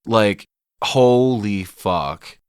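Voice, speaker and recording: A man with a lowish voice casually walking through a film's plot, dropping swear words as he goes. His delivery is laid-back and chatty, recorded close and dry with no room sound. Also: lively intonation, drawn-out words, clear, resonant tone, dry recording. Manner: profane, laid-back, storytelling. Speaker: podcast co-host. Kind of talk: casual film recap.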